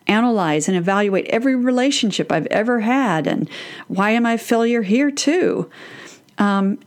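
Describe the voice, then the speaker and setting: Woman in her 50s, parenting advice, earnest, loves a metaphor, mid pitch. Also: a little mellow.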